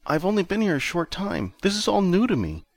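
A man's voice: high-pitched, sing-song, fairly quick, dry recording, voice pushed up, full character voice. A man voicing a jumpy, anxious young man passenger with a fretful, raised voice.

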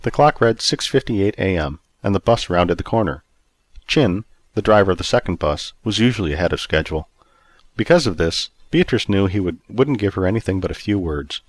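A male storyteller narrates in a low voice that moves expressively up and down. He reads close to the mic, with a dry, dead-sounding room and no echo. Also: a little fast. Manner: expressive, acts out every character.

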